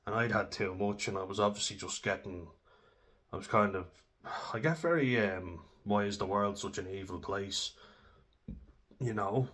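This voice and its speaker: A man's voice: lowish voice, normal speed, a bit bright. A young Irish man telling candid, sweary stories about his own drinking, casual and self-deprecating. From Ireland. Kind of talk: candid personal storytelling.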